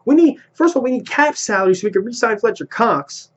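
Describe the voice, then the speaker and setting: A man's voice: very high-pitched, animated. A man delivering an angry, profane rant as a sports fan commentating on his team's trades. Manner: heated, profane, rapid-fire ranting. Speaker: sports vlogger. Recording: lo-fi home recording.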